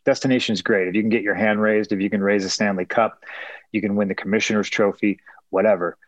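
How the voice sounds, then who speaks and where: A man from Chicago talks in a lowish voice, reflecting on his fighting days in earnest, rambling interview answers full of restarts. The sound is dry and close, with no room around it. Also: fairly even intonation, fast talker, no room sound, rough recording. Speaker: former fighter and MMA broadcaster.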